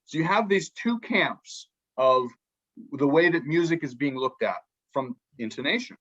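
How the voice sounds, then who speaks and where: A man, a podcast guest and book author, explaining music ideas in a lively way and acting out quotes from musicians. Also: a little high, a little slow, muffled recording. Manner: animated, acts out musicians' quotes, many restarts.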